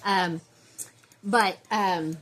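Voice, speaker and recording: A woman's voice: medium pitch, steady tone, extremely slow, fairly bright tone, slight background noise. A woman, chatting casually to her viewers at home in a rambling way, full of fillers and restarts. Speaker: vlogger.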